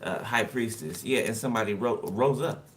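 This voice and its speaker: A man's voice: lowish voice, normal speed. Chatty man reading tarot, distant mic. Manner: loose and chatty, laughs to himself, talks to the viewer while pulling cards. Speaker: tarot reader. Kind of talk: casual tarot reading monologue. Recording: distant mic with loud background noise.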